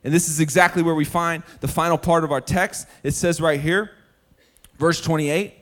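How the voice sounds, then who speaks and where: Animated, fairly high-voiced male preacher. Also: normal speed. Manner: animated storytelling with sudden drops to a hushed, earnest tone; direct address to the congregation. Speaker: preacher and musician. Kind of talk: sermon.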